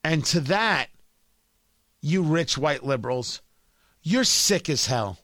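Sarcastic guy ranting politics on his show, bright sharp voice, dry close mic. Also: a little high, animated, slow pace, dry recording. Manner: sarcastic, combative, emphatic repetition. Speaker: political commentary host. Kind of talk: opinionated political monologue.

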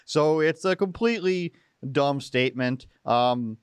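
A man's voice: on the high side, expressive, unhurried, clean tone, no echo. A young man hosting political commentary, sarcastic and mocking as he picks apart statements. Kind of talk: opinionated live commentary.

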